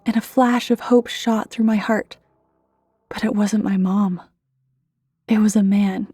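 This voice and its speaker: Woman narrator for a horror story read-aloud; warm, soft, often near a whisper, dry booth sound. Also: on the high side, no room sound. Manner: hushed, often dropping to a whisper. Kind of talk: scripted creepypasta narration.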